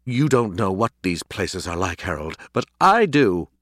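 A man's voice: low voice, very animated, measured pace, a bit bright, no echo, studio quality, full character voice. A man voicing a dramatic paranoid cat. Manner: theatrical, swings from smooth to hysterical.

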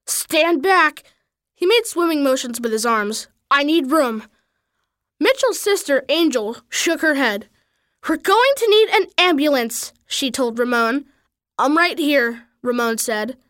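A woman reads a children's story aloud, expressive and animated throughout. Her voice is high and swings widely from line to line. The recording is dry and close. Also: dry recording. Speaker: reader.

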